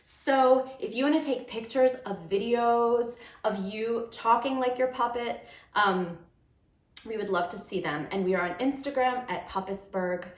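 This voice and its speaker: A woman with a fairly high voice gives a friendly puppetry lesson to kids and their parents. She sounds upbeat and encouraging as she explains and demonstrates. Her voice rings in a roomy, echoey space. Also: measured pace. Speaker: puppetry teacher.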